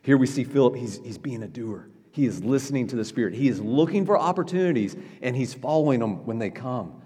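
A man preaching as a pastor in a church sanctuary, his middle-pitched voice carrying with a long reverb through the hall. He keeps it conversational and checks in with the congregation with asides. He often stumbles and restarts his phrases. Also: animated, brisk, mellow, breathy edge. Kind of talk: sermon.

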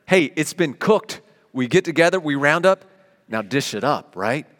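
A man preaching a sermon as pastor, animated and conversational, with everyday examples. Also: on the high side, moderate pace, big-room sound.

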